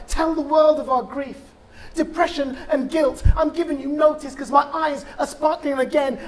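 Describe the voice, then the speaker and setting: At a conference, a bereaved father performs a spoken-word poem in an extremely high, fairly bright voice. He delivers it with impassioned rhythm and dramatic pauses.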